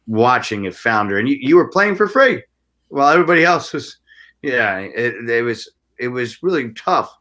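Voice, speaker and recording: A man in his thirties, a musician guest telling stories in a casual interview, animated and profane, with stammering restarts. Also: medium pitch, normal speed.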